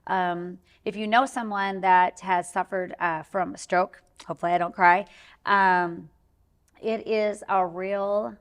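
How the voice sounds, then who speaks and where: A woman's voice: mid-range voice, steady tone, unhurried. A woman speaking as a talk show guest, telling a family story in a rambling, heartfelt way with many fillers. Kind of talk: candid interview talk.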